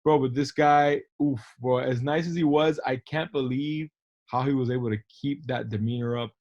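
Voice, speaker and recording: A man's voice: medium pitch, fairly even intonation, normal speed, darkish tone, lo-fi sound. A man co-hosting a podcast, telling stories in a laid-back casual way, peppering his talk with "bro" and "dude". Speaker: podcast co-host. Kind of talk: casual chat.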